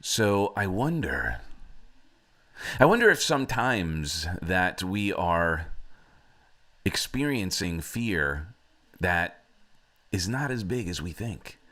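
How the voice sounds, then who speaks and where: A man's voice: deep voice, very animated, slow, pauses often, sharp tone. A man hosting a motivational talk, telling a story in a conversational, reflective way. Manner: conversational, reflective, with frequent fillers. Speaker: host.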